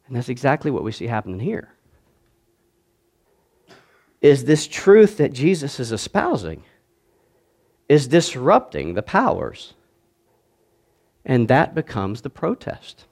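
A man preaching a sermon as pastor, swinging between loud declaiming and quiet asides and calling on the congregation to answer back. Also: medium pitch, huge pitch swings, takes it slowly, gravelly, pauses often.

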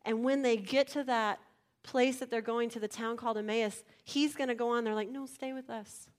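A woman preaching a sermon in a conversational way, asking her listeners direct questions and swinging between loud emphasis and hushed, near-whispered lines. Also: fairly high pitch, steady tone, moderate pace, smooth.

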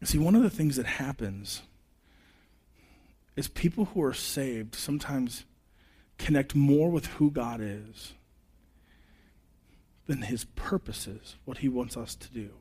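A man in his thirties preaching a sermon in a conversational way, telling personal stories with quick asides. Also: mid-range voice, slightly rough. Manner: animated, chatty storytelling with quick asides. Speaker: pastor.

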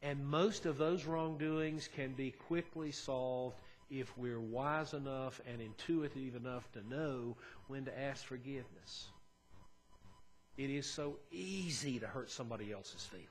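A man's voice: medium pitch, a little slow. Earnest man preaching a sermon. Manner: earnest, conversational preaching with shifts between soft and emphatic. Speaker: pastor.

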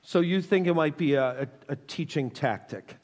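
A man's voice: a little high, expressive, normal speed, a little mellow. A pastor preaching to his congregation in a conversational, teasing way, stretching out words for emphasis. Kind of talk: sermon with audience questions. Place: church sanctuary. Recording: long reverb of a church hall.

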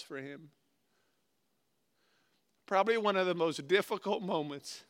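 A man preaching a sermon and reading scripture aloud, earnestly swinging between loud stresses and hushed, slowed phrases. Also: high voice. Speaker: pastor.

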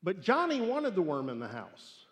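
A man preaching a sermon and telling a story, emphatic and swinging between loud declarations and hushed asides. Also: sits high, wildly swooping pitch, moderate pace. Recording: echoey hall reverb.

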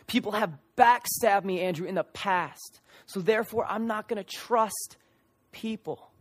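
A man's voice: sits high, a little slow, no room sound. A young man preaching a sermon with passion, acting out the voices of people in the story.

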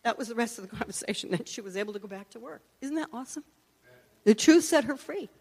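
A woman's voice: a little high, lively intonation, fast talker, a little mellow, slightly rough. A woman teaching a sermon, telling earnest personal stories and acting out the voices of the people in them. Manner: earnest storytelling, acts out quoted voices. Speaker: Christian teacher and prayer minister. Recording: long echoey hall reverb.

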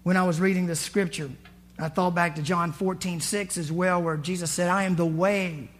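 High-voiced conversational male pastor. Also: fairly even intonation, normal speed. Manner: conversational, acts out scripture and quotes with rising emphasis. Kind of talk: sermon.

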